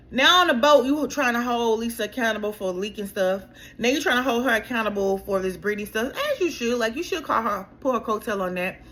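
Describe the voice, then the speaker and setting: A woman recapping a reality show in a casual, exasperated way, talking straight to the cast and calling them girl. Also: a little high. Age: adult. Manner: animated, exasperated, talks straight to the cast, keeps saying girl.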